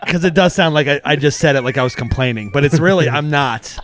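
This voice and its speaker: A man's voice: fairly high pitch, quick pace, crowd noise. A man talking as a guest in a casual podcast chat, rambling and cutting himself off, often laughing.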